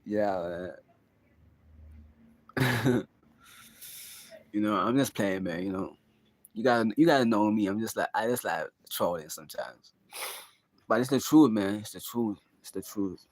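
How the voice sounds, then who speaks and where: A man's voice: lowish voice, unhurried, pauses often, no room sound. Rambling young man musing to camera. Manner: rambling, musing, full of "like" and "bro". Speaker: vlogger. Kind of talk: casual confessional monologue.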